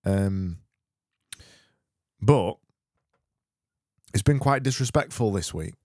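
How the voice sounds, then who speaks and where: A man's voice: lowish voice, animated, slow, darkish tone, dry recording. A man hosting a casual solo podcast, rambling, self-mocking and sweary, on a close mic. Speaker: podcast host.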